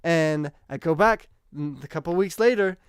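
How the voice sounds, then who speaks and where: Chatty male streamer host, casual talk to his viewers, smooth, resonant voice, slightly high. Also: moderate pace, dry recording, studio quality. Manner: chatty, animated, reads out and answers comments. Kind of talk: casual livestream chat with viewers.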